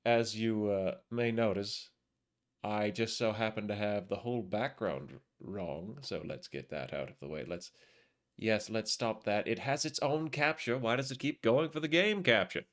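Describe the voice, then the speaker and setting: A man's voice: lowish voice, moderate pace. A man streaming a video game, chatting casually in a rambling, self-mocking, jokey way. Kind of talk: casual live-stream chat.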